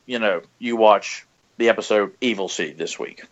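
A man co-hosting a podcast in casual chat, animated and rambling, often dropping into silly voices. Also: on the low side, moderate pace, dull audio. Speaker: podcast co-host.

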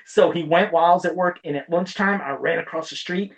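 This man talks fast in a slightly raised voice, rambling through an animated story in casual chat. He sounds a bit off-mic, as if sitting back from the microphone. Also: on the high side, vocal fry, recorded from a distance, rough recording. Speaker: podcast co-host. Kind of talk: casual chat about toy collecting.

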